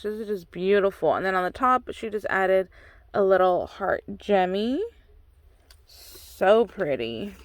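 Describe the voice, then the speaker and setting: Here she speaks at a medium pitch with no echo at all. The American craft-channel host is unboxing a swap package, exclaiming constantly and raving about each piece as she chats excitedly.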